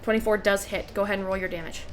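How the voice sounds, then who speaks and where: A woman's voice: medium pitch, fairly even intonation, rapid-fire, faint music behind. A woman running a tabletop game as game master, patiently explaining rules and vividly narrating scenes.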